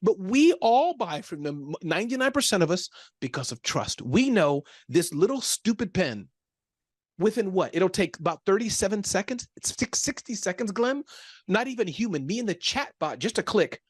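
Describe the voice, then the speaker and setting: Upbeat male interviewer, lively, slightly high voice, dry close recording. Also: moderate pace, husky, dry recording. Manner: enthusiastic, animated, laughs often. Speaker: interview host. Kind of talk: conversational interview.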